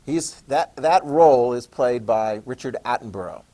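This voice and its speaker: An American man lecturing a class, telling a personal anecdote in a chatty, animated way and addressing the students directly. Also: mid-range voice, moderate pace. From United States. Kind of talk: classroom storytelling.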